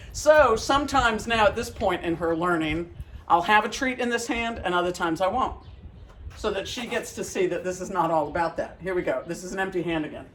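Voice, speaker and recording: A man with a notably high voice leads a dog training demonstration. He explains each step patiently to the viewer. He breaks off often to give the dog bright, encouraging praise. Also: fairly quick, a little hiss or hum, rough recording.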